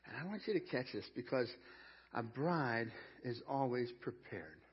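A male pastor preaching a sermon, repeating key phrases and swinging between loud proclamation and hushed storytelling. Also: mid-range voice, animated, moderate pace, husky, dull audio.

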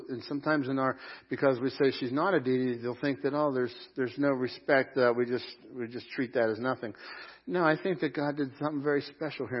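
A man preaching a sermon at a live church service, animated, swinging from loud shouts of joy to quiet asides. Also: medium pitch, breathy edge, lo-fi sound. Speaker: pastor.

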